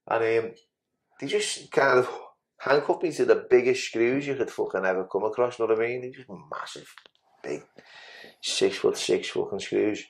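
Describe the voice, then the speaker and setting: A man with a mid-range voice tells a story in casual talk as a podcast guest. He's blunt, swears freely, and keeps restarting his sentences.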